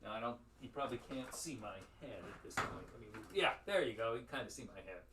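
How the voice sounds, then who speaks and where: A male lecturer giving an online lecture on Shakespeare's verse, lively and jokey, chanting rhythms aloud into a webcam from a room at home. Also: mid-range voice, fast talker, heavy background noise. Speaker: university lecturer.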